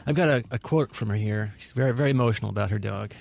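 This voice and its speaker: A man reading a light news story on a radio show in a calm, matter-of-fact way. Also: fairly low pitch, very fast, vocal fry. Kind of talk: casual news segment.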